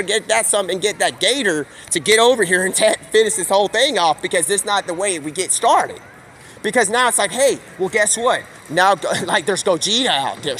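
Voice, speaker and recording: High, bright-voiced rambling male streamer. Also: a little hiss or hum. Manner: rapid stream-of-consciousness, slips into quoted voices. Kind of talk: rambling improvised storytelling.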